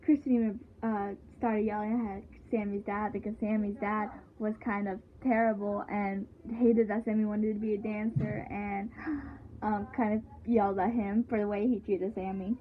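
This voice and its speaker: A woman's voice: mid-range voice, flat delivery, normal speed, a little hiss or hum. A woman chatting casually as she recaps a show, rambling with lots of fillers and restarts. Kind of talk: casual chat. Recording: tinny phone-like sound.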